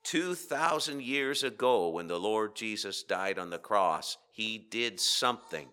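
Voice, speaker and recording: A man preaching a sermon with rhetorical questions and dramatic pauses, swinging between loud emphasis and hushed asides. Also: lowish voice, expressive, smooth. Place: church.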